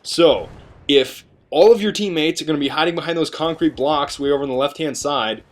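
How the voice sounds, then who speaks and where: A man's voice: on the high side, a little fast. Joking young man doing gameplay commentary. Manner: joking, rambling, chatty asides. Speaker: gaming video commentator.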